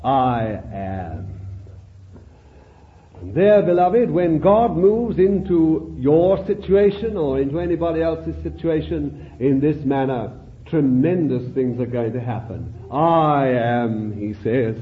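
A man's voice: a little high, unhurried. A man preaching a sermon with fervent, rhetorical exclamations. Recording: tinny phone-like old tape recording.

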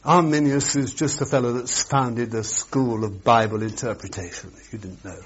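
A man preaching a sermon, swinging between loud, emphatic exclamations and hushed asides. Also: medium pitch, fairly even intonation, normal speed, husky. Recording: dull lo-fi sermon recording.

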